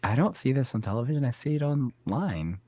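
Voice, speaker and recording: A man co-hosting a podcast in casual, chatty banter, quick to correct and riff. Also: medium pitch, very animated, mellow. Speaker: podcast co-host. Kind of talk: casual chat.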